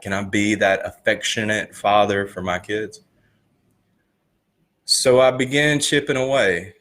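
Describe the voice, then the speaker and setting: A man in his thirties, a former student pastor, telling his personal story earnestly, with loud animated peaks and soft slow confessional stretches. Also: on the low side. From Alabama. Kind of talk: personal testimony talk.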